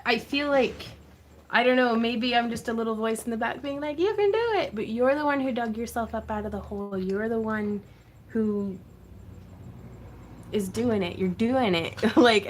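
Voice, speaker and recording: A woman's voice: a little high, a little hiss or hum. Giggly woman hosting a craft livestream. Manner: giggly, laughs often, gushing; chatty and effusive. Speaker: craft channel host. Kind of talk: casual livestream chat.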